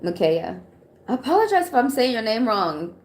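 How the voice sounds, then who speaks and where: A woman's voice: on the high side, very animated, normal speed, reverberant, a little hiss or hum. An American woman from Atlanta doing casual tarot readings on a live stream, chatty and rambling with many fillers and frequent laughs. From Atlanta, USA. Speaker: tarot reader.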